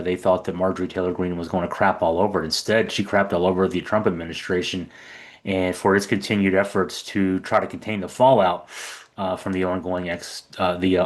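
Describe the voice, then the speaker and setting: A middle-aged man giving casual political commentary, chatty and sarcastic, with many fillers. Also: low voice.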